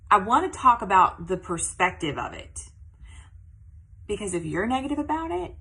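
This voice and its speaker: A woman's voice: fairly low pitch, pushed and bright, breathy edge, low-quality recording. A woman talking casually on a live stream, chatty and full of fillers. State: out of breath. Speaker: direct sales consultant.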